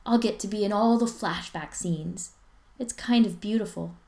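Playful teasing teenage boy, read by a woman, raised excitable voice with a gravelly edge. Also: medium pitch, normal speed, voice pushed up, lightly acted.

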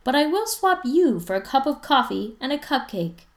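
Woman doing a loud scolding mother. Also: medium pitch, expressive, moderate pace, creaky, echoey room, pitched above the performer's own voice. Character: stern but jokey mother calling across the house.

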